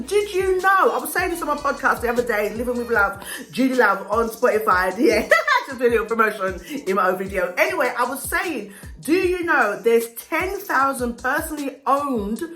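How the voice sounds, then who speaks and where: A woman chatting casually and giving opinions while reviewing TV shows as a vlogger. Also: sits high. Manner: chatty, opinionated, animated storytelling. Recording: roomy echo with faint music.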